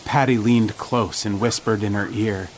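A male podcast host giving measured, dramatic narration of a scary story. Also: on the low side, fairly even intonation, noisy background. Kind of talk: scripted horror story narration.

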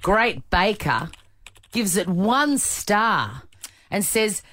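A woman's voice: sits low, sing-song, slow pace, a bit bright. A woman hosting a radio show, chatting casually and giggling as she reads listener reviews aloud. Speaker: radio host.

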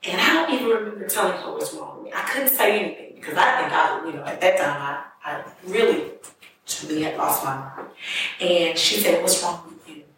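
A woman's voice: fairly low pitch, fairly quick, gravelly, fairly bright tone, slight background noise. A woman giving an earnest, emotional personal testimony in a conversational way. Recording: distant mic in echoey room.

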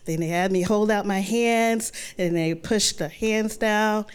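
A woman telling a true personal story to an audience in a lively, conversational way, acting out her own thoughts as she goes. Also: medium pitch, unhurried, smooth.

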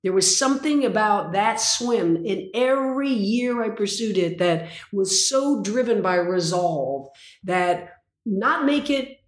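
A woman's voice: medium pitch, unhurried. Intense older woman, roomy echo. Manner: intense, dramatic storyteller. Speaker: guest. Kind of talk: interview conversation.

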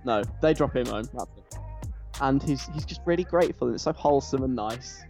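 A man's voice: medium pitch, brisk, a little mellow. A man hosting a radio show, chatty and enthusiastic. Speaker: radio host. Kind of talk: casual radio chat. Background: faint music.

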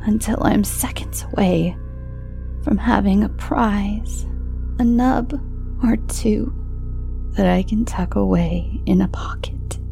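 A woman narrating horror stories in a hushed voice that often sinks into a whisper. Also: medium pitch, vocal fry.

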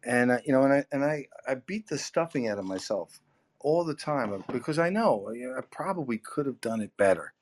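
There's slight background noise as a middle-aged man, his mid-range voice expressive and a little fast, chats animatedly about sales on a podcast. He repeats words a lot and speaks emphatically, his voice going up and down with his points.

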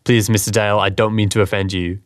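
A man's voice: lowish voice, little pitch movement, fast talker, no echo, studio quality, close to an everyday voice. A man voicing a polite, earnest young male businessman with a curious streak. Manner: polite, apologetic.

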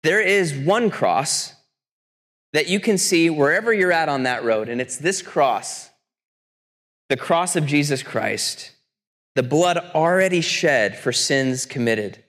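A man preaching a sermon as pastor, telling a story earnestly and slowing down for quotations. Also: on the high side, expressive, a bit bright. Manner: earnest storytelling, slows for quotes. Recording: long church reverb.

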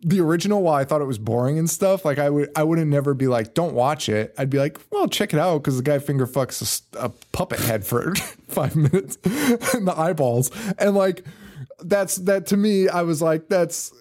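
A man's voice: a little high, moderate pace, darkish tone. A man talks in a loose, rambling way, swearing freely and laughing often as he goes. His voice sits a little above the usual male range. It is casual podcast film-review chat. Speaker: podcast co-host.

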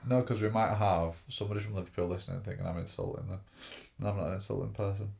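Low gravelly man from Wigan with a cold. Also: fairly even intonation, quick pace, darkish tone. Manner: jokey, teasing. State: has a cold. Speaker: podcast co-host. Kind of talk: casual podcast chat.

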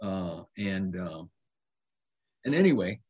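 A man in his seventies, a doctor being interviewed, telling animated stories in casual conversation. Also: sits low, slow. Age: 70s. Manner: animated storyteller, restarts and quotes himself. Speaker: guest doctor.

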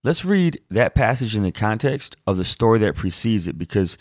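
A man's voice: lowish voice, big pitch swings, normal speed, a little mellow, dry recording, clean studio sound. A man in his thirties reading Scripture aloud and then explaining it in a chatty, informal way to answer a viewer's question. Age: 30s. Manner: chatty and informal, with fillers like "like" and "y'all". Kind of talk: Bible reading and casual teaching.

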